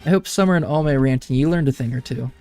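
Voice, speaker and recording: A man's voice: medium pitch, fast talker, darkish tone, soft background music. A man streaming a game, rambling and chatting casually to his viewers and laughing often.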